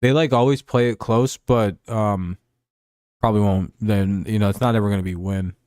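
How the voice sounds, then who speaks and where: A man with a fairly low voice rants about football on his own show, profane and sarcastic. The sound is dry and close, with no room around it. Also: steady tone, normal speed, a little mellow, dry recording. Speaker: host. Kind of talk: casual football talk show.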